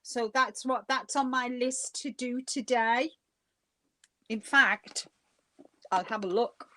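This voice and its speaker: A woman's voice: on the high side, takes it slowly, sharp tone. A woman co-hosting a casual crochet livestream, reacting with gushing exclamations. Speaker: livestream co-host.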